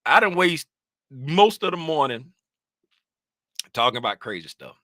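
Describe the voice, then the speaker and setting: A man hosting a casual trading livestream from his home desk, rambling and animated, getting loud when he is fired up. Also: a little high, a little slow, no room sound, studio quality.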